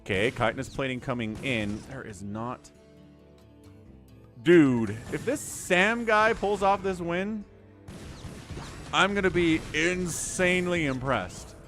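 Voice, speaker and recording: A man hosting a live stream and giving chatty, excitable commentary on an esports match, thinking aloud as the play unfolds. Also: on the high side, slow pace, pauses often, faint music behind. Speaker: game commentator and stream host.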